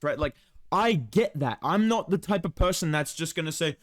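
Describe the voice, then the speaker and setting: A man's voice: fairly high pitch, animated, normal speed, no echo, studio quality. A man co-hosting a casual sports reaction chat, heated and profane as he rants. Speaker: podcast co-host.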